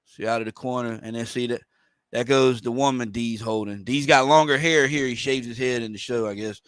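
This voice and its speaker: A man's voice: medium pitch, fairly even intonation, fairly quick, fairly bright tone, clear, resonant tone, no room sound. A man hosting a livestream, reading a comic aloud and rambling through casual commentary for viewers. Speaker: livestream host.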